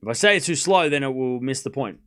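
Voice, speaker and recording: A man hosting a live tennis watchalong stream, calling points in quick bursts and chatting with viewers, often stumbling over player names. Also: mid-range voice, animated, a bit bright, clear, resonant tone. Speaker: livestream tennis watchalong host. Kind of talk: live play-by-play commentary mixed with casual chat.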